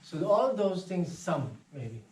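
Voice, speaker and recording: A man giving an inspirational talk, telling anecdotes in a casual, animated way and acting out the voices of people in his stories. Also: high-pitched, unhurried. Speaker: speaker. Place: meditation centre hall. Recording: echoey hall, voice from far off.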